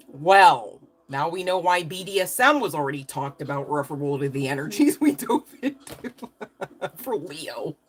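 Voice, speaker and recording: A woman giving a live tarot reading, talking casually, laughing often and swearing in a cheeky way. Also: fairly low pitch. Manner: swears casually, uses slang. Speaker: tarot reader.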